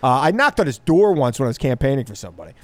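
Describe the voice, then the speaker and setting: A man's voice: medium pitch, very animated, racing. A man in his forties hosting a talk radio show, chatting casually and telling stories with enthusiasm.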